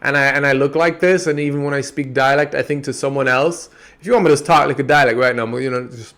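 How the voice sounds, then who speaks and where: A man's voice: medium pitch, steady tone, fast, a bit bright. A man from Antigua with an American-tinged accent, talking through his ideas in a meandering, reflective podcast monologue. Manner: meandering, restarts often. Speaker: podcast host.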